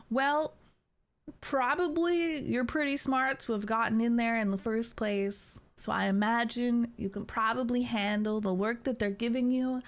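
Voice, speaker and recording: A woman's voice: on the high side, unhurried. A young adult woman streamer chatting casually with viewers, laughing often and teasing.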